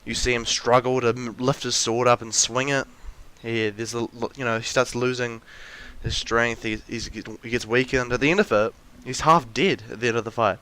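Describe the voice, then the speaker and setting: A man's voice: medium pitch, steady tone, normal speed, hardly any pauses, bright, forceful tone. A young man in a ranty, rambling monologue, full of restarts and fillers, with mocking acted-out quotes of characters. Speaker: video essayist.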